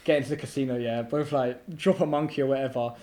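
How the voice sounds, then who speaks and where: Fast-talking young man. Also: mid-range voice. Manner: animated, laughing, slangy storytelling. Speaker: guest entrepreneur. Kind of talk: casual storytelling chat.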